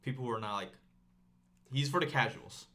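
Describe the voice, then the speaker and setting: A man's voice: mid-range voice, a little fast. A man co-hosting a casual podcast, arguing his points emphatically with many "like"s. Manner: animated, emphatic, lots of "like". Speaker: podcast co-host. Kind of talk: casual chat.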